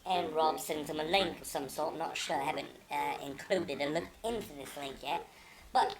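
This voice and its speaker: A woman's voice: low voice, moderate pace, creaky. Lady ranting on her channel, swears a lot, mocking and fed up, noisy crowd in the background. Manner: profane, mocking and exasperated. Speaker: channel host. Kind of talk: indignant commentary reading out messages.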